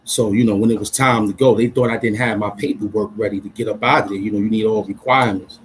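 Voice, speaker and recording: An adult man from Brooklyn, chatting casually on a livestream in an excitable, rambling way full of street slang. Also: on the low side, fast talker, a little hiss or hum, rough recording. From Brooklyn, New York. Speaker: vlogger.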